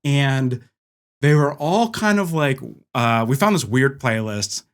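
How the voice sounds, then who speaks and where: A man's voice: mid-range voice, slow pace, clean tone. A young American man chatting as a podcast guest, rambling through stories with plenty of filler words. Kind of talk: casual chat.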